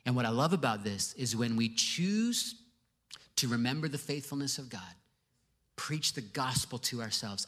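A man's voice: medium pitch, lively intonation, moderate pace, a bit bright. Man preaching in a chatty, joking way. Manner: conversational with joking asides. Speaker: pastor. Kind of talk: sermon. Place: church before a congregation.

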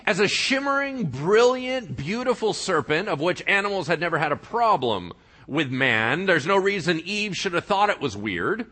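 A male preacher delivering a lively sermon. His bright, ringing voice swings widely in pitch as he tells the story with playful energy and stops to check in with his listeners. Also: moderate pace. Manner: animated, playful storyteller, asks the audience questions. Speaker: pastor.

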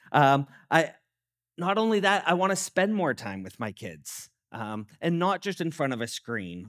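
A man's voice: on the high side, fairly bright tone, no room sound, clean studio sound. A man in his thirties preaching a sermon as pastor, conversational and self-deprecating, telling stories from family life.

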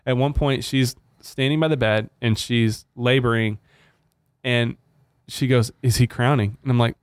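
A man in his thirties, co-hosting a podcast, telling a long story in casual chat and acting out the quotes with lively shifts of voice. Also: mid-range voice, unhurried, no room sound. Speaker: podcast co-host.

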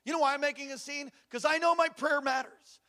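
A middle-aged man preaches a sermon, his voice set high and bright. He tells his story with fervor, dropping to hushed asides and rising to shouts. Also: fairly even intonation, fairly quick. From Hawaii. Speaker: pastor.

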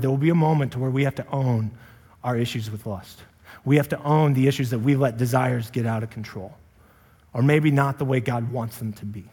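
A man's voice: mid-range voice, husky. A young adult man preaching a sermon as a pastor, earnest and confessional. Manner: earnest, rises to impassioned shouting when retelling his anger. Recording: long reverb in a large hall.

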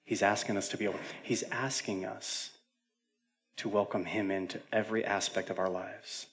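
A male pastor preaching a sermon, moving between loud urgent declarations and hushed near-whispered storytelling, with casual fillers and self-deprecating humor. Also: on the low side, steady tone, moderate pace. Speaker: senior pastor.

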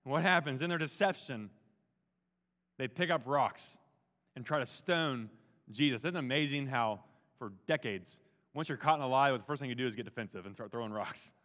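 A man's voice: mid-range voice, normal speed, a bit bright. A man preaching a sermon as pastor, emphatic and casual, mixing everyday slang into his preaching. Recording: long reverb of a large hall.

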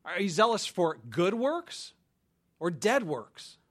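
A man preaching a sermon in a lively, conversational way, often checking in with the congregation. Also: sits high, takes it slowly. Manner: animated, conversational preaching with frequent "right?". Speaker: pastor.

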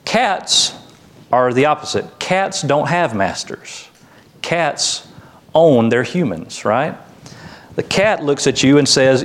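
A man pastor preaching a sermon in a conversational way, with light humor and lively quoted voices. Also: medium pitch, slow pace.

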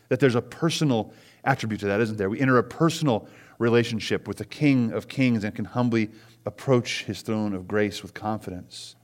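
A middle-aged man preaching a sermon as pastor, talking in a conversational way with frequent restarts, rising to loud emphasis and falling to soft sighs. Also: medium pitch.

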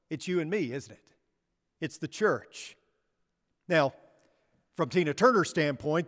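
Preacher with a high voice in a reverberant hall. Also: male voice. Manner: rhetorical questions, drops low and soft on key words. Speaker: pastor. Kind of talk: sermon. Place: church sanctuary. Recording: long reverb of a church hall.

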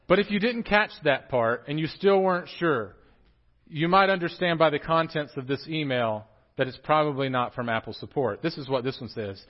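A young man with a drawl preaches in a church, chatting and joking with his congregation. His voice sits a touch high. The recording is muffled and lo-fi. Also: moderate pace. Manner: joking, animated, talks straight to the congregation. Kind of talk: casual sermon with humor. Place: church sanctuary.

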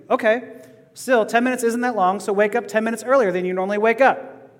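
Earnest high-voiced male pastor in a reverberant hall. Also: quick pace. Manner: earnest, rises to passionate emphasis. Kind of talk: sermon.

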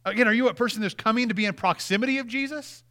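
A male pastor preaching a sermon, earnest, reading quoted passages aloud with emphasis and dropping to a hush at key lines. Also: very high-pitched, racing. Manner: earnest, with repeated restarts and dramatic drops in volume.

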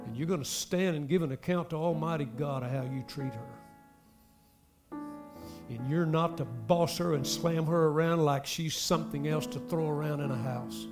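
A man preaches a sermon to his congregation in a slightly high voice. He builds to forceful emphatic swells and then falls to near-quiet drops, addressing the listeners directly. A faint guitar plays underneath. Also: moderate pace. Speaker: pastor.

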